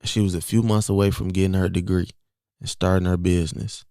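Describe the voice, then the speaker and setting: A young man with a fairly low voice recounts a personal story on his podcast. He speaks casually and conversationally, circling back to repeat key phrases. The sound is dry and close, with very little room. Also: little pitch movement, fairly quick, warm tone, dry recording. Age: 20s. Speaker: podcast host.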